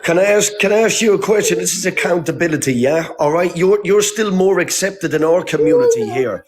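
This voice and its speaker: A man's voice: high-pitched, a little fast, crowd noise. A man calling into a live stream, angrily confronting another caller and swearing. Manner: angry, swearing. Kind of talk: angry argument.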